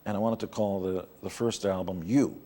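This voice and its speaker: A middle-aged man from New York, speaking as an interview guest. His voice sits fairly low and has a dark, mellow tone. He tells candid stories in a blunt, wry way. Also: steady tone, moderate pace. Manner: blunt, wry anecdotes with playful put-on voices.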